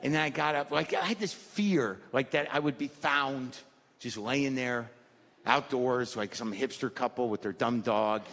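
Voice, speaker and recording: A man's voice: medium pitch, a little slow, a bit bright. Neurotic 50s guy rambling through a stand-up bit, live club sound, roomy reverb. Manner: neurotic, self-deprecating rambling with acted-out asides. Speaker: stand-up comedian. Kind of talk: stand-up routine. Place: comedy club stage. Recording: live stage recording with hall reverb and audience noise. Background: audience laughter.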